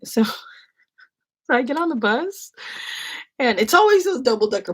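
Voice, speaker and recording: A woman's voice: fairly high pitch, sing-song, normal speed, pauses often, slightly rough. A young woman from San Francisco, chatting and rambling through a story on a livestream, full of fillers. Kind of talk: casual storytelling chat.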